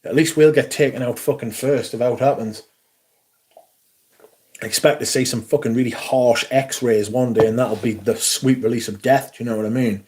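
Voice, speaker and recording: A man's voice: medium pitch, steady tone, normal speed, a little mellow, a little hiss or hum. A man hosting a livestream, chatting casually in a sweary, rambling way. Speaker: fragrance livestream host.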